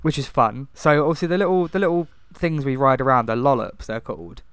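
A young man in casual chat, laughing and swearing through relaxed banter. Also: medium pitch, brisk, clear, resonant tone, no echo.

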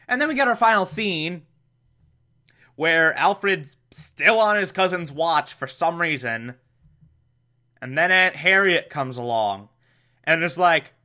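A man's voice: fairly high pitch, sharp tone. A man hosting a podcast, recapping an episode in a casual, chatty way, laughing often and adding mocking asides. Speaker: podcast host.

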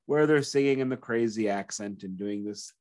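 Man, podcast co-host, lowish voice, measured dry delivery, casual chat. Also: darkish tone. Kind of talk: casual music review chat.

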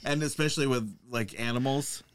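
A man's voice: medium pitch, fairly quick, no echo. A man co-hosting a podcast, making joking asides in casual banter and swearing freely. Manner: joking asides, swears, puts on silly voices. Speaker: podcast co-host.

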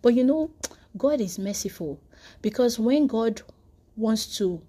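Warm husky woman preaching. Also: fairly high pitch, animated, measured pace. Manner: earnest storytelling with frequent restarts. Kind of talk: devotional podcast sermon.

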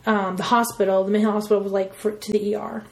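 A woman's voice: medium pitch, little pitch movement, fast talker, a little mellow. A woman telling a personal story in casual conversation, rambling with lots of fillers and acting out what people said. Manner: rambling, full of "like" and "you know", acts out quotes. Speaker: interviewee.

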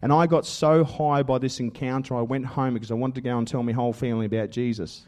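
A man with an Australian accent giving a lively testimony sermon, telling stories with laughter and loud acted-out quotes. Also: medium pitch, fast. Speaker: preacher.

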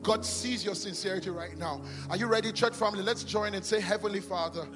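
A pastor leading a sermon altar call and prayer in a large church, fervent and repeating blessings over and over. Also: male voice, high voice, fairly quick. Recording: long church reverb with music behind.

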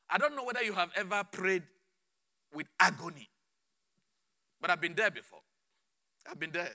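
A man preaching a sermon with fervor, repeating phrases and swinging between shouts and low murmurs.

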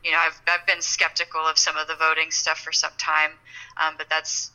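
A woman co-hosting a casual podcast, her voice very bright and a touch low-pitched. She talks in a wry, rambling way, circling back and restarting her thoughts. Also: monotone, fairly quick, low-quality recording. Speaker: podcast co-host. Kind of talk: casual chat.

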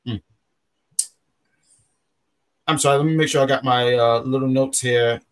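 A man's voice: medium pitch, steady tone, fast, clear, resonant tone. A man hosting a podcast in casual, rambling chat, often stopping to correct himself. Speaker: podcast host.

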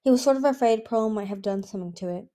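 A woman reading a fantasy novel aloud as an audiobook, with an even narration that sometimes stumbles and restarts. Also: mid-range voice, fast talker. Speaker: audiobook reader. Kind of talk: storybook narration.

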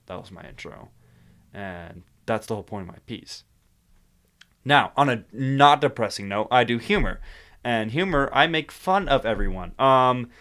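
Low-voiced young man, rambling and laughing. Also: a bit bright. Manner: rambling, laughs often, slips into silly voices. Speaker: podcast guest. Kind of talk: casual podcast chat.

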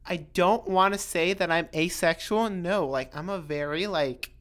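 A woman's voice: on the low side, unhurried. A young woman talking casually on her solo podcast, rambling and swearing freely, full of "like" and restarts. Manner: chatty, swears freely, self-interrupting with lots of "like". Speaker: podcast host.

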